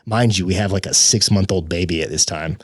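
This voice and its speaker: Low-voiced man telling his story with feeling. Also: fairly quick, dry recording, studio quality. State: tearful. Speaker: podcast guest. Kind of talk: emotional personal storytelling.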